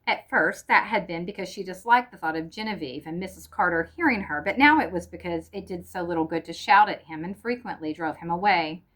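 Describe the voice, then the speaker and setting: Low-voiced woman reading a short story. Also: a little fast, few pauses, fairly bright tone. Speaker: narrator.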